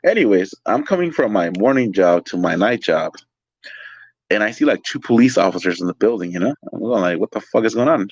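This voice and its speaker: Guest: low-pitched man, animated, profane storyteller, dull lo-fi dry audio. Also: brisk, husky, no room sound. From California. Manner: animated, swears a lot, lots of "like" fillers. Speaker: guest, restaurant waiter. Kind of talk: casual storytelling.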